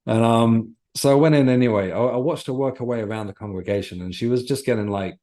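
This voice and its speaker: A man being interviewed as an author on a podcast, telling a personal story in a reflective, earnest way and pausing to search for words. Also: mid-range voice, mellow. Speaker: author guest.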